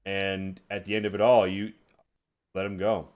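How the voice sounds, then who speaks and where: Low-voiced game master, halting narration. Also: male voice, level tone, darkish tone. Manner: halting storyteller, many fillers.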